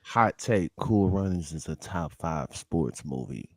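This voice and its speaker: Teasing man with lively pitch. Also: measured pace, slightly rough, dry recording. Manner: joking, teasing, swears. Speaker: podcast co-host. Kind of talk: casual wrestling podcast chat.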